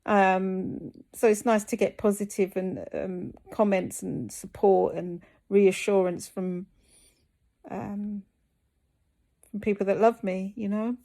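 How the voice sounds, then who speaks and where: Woman, tired, vlog to camera, gravelly fry, hesitant with fillers and restarts. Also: mid-range voice, takes it slowly, mellow. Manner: hesitant, many ums and restarts. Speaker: fitness vlogger recovering from surgery. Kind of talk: candid talking-to-camera vlog.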